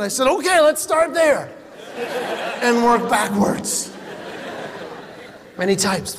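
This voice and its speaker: Stand-up comic, high voice, lively storyteller who acts out other people's lines, live hall sound. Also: male voice, measured pace, long pauses. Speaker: comedian. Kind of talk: stand-up comedy.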